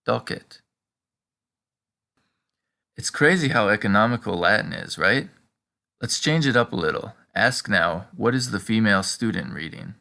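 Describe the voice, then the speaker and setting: A man teaching a scripted language lesson, prompting the listener with questions and slowing down for the example sentences. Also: lowish voice, lively intonation, vocal fry, pushed and bright.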